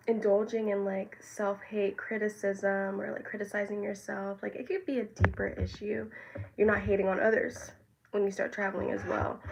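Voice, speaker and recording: A woman's voice: medium pitch, creaky, low-quality recording. A woman in her twenties from the United States, talking casually to her viewers with lots of fillers and tangents. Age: 20s. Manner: rambling, filler-heavy, tangents and restarts. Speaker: vlogger. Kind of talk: casual talking-head vlog.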